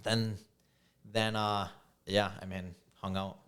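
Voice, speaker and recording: A man's voice: on the low side, slow. A man in his twenties chatting casually as a podcast co-host, telling stories with lots of laughter. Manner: laughing, animated storyteller. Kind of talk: casual chat.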